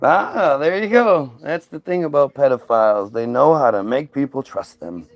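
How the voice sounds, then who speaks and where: A man's voice: mid-range voice, animated, normal speed, no echo. A man ranting sarcastically on a livestream, answering viewer comments in a combative, mocking way. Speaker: streamer reacting to viewer comments.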